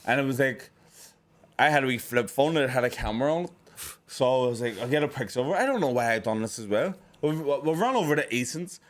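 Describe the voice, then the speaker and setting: A man's voice: mid-range voice, animated, fast. Man, 30s, co-host, casual storytelling, swears and laughs a lot. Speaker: podcast co-host. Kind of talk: casual chat.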